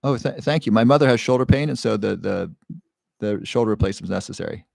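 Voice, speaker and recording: A man hosting a live stream, reading viewer comments and coaching them with quick, earnest questions. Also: on the low side, creaky, a little mellow, no room sound, studio quality. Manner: encouraging, coaching with rapid questions; earnest, emotional at times. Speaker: livestream host.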